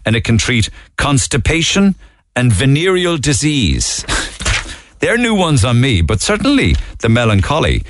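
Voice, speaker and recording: A man's voice: medium pitch, wildly swooping pitch, a little slow. A man with a Cork Irish accent hosting a morning radio show, chatting through the papers and making asides to listeners. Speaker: radio host.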